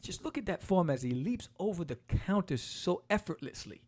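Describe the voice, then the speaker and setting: A man hosting a podcast, walking casually through a comic book and acting out its quotes in quick voices. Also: high voice, lively intonation, a little mellow. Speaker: podcast host.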